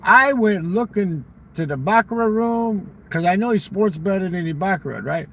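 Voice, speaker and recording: A man's voice: high voice, lively intonation, normal speed, gravelly, a bit bright, poor audio. A man telling a long, profane casino story in casual talk, acting out the exchanges he quotes.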